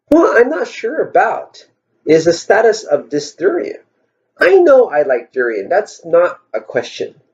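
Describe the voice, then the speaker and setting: A man's voice: high-pitched, darkish tone. A man vlogging in a rambling, wry storytelling style, musing aloud and asking rhetorical questions, on a dull lo-fi recording. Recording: dull lo-fi sound.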